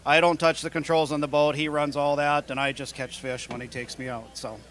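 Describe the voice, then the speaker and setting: Good-natured angler dad, higher voice. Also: male voice, flat delivery, brisk, a bit bright, slight background noise. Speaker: tournament angler, father. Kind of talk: answering interview questions.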